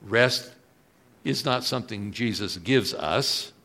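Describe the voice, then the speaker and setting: A man preaching a sermon, moving between quiet reflective lines and loud, emphatic questions put to the congregation. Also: slow pace. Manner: swings from soft low asides to loud emphatic rises; asks the audience questions.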